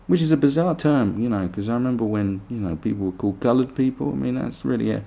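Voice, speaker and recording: A man's voice: medium pitch, fast talker, gravelly, few pauses, mellow. A man hosting a podcast, delivering a sarcastic, profane political rant full of mockery. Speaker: podcast host. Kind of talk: ranting political monologue.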